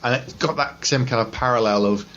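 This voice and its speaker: A man co-hosting a casual film review chat, talkative and quick to draw comparisons. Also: mid-range voice, fairly bright tone, muffled recording, a little hiss or hum. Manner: chatty, drawing comparisons, laughs easily. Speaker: film review podcast co-host.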